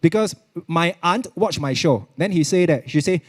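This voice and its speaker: Chatty Singaporean man pitching gadgets. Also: lively intonation, normal speed. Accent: Singaporean English. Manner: chatty, repeats himself, mixes in Mandarin. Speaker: product presenter at a virtual expo. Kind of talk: live product demo.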